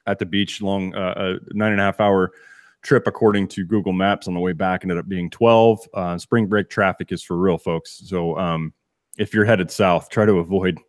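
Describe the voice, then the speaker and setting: A man with a deep, low voice co-hosts a casual sports podcast. He rambles and restarts a lot, with laughing asides. The sound is dry and close in a home studio. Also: fairly even intonation, moderate pace, no echo. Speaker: podcast co-host.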